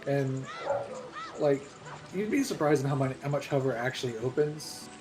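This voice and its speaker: A man casually commentating a speedrun race, excitable and quick to cheer. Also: mid-range voice. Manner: excitable, cheering, laughs often.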